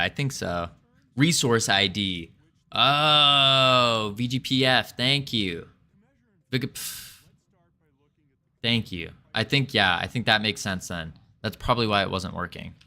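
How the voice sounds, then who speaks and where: A man with a fairly low voice that comes across pushed and bright mutters his way through code as he live-streams game development. His talk is casual live coding commentary full of self-deprecating jokes.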